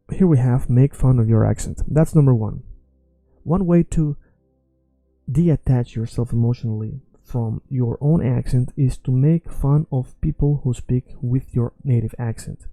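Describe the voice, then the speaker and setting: A man's voice: medium pitch, mellow, no room sound, rough recording. A man teaching an online language lesson, talking casually and often checking in with "okay?" and "right?".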